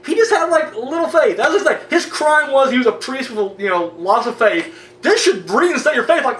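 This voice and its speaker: A man ranting casually to camera, animated and profane and jokey, with quick acted-out asides. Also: extremely high pitch, echoey room, recorded from a distance. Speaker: video blogger.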